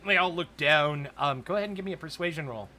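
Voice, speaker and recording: A man narrating a tabletop role-playing game as dungeon master, in a casual, halting way. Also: a little high, bright, forceful tone. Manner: casual, hesitant with fillers.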